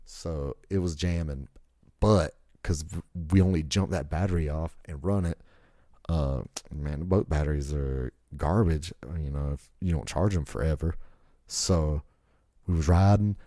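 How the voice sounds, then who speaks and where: A man's voice: extremely low pitch, a little slow, mellow, dry recording, clean studio sound. A man hosting a podcast, telling rambling, profane stories in a laid-back, casual way. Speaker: podcast host.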